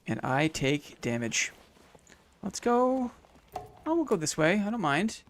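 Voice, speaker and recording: Chatty Canadian streamer, slightly high voice. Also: male voice, sing-song, measured pace, a little hiss or hum. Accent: small-town Canadian. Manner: chatty, thanks viewers, playful sound effects. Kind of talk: casual gameplay commentary.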